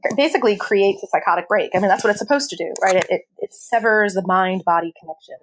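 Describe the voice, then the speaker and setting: A woman of middle pitch speaks as a podcast guest, candid and conversational. She tells a personal story with easy frankness, laughter never far off. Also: quick pace, a little hiss or hum. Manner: candid, lively storyteller who laughs often. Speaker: hospice chaplain guest.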